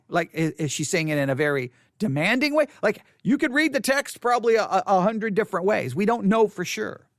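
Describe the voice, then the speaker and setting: A man with a high, lively voice talks through a Bible study in a conversational way. He speaks with emphasis and often restarts or repeats his phrases. The sound is dry and close. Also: fairly quick, hardly any pauses, no echo.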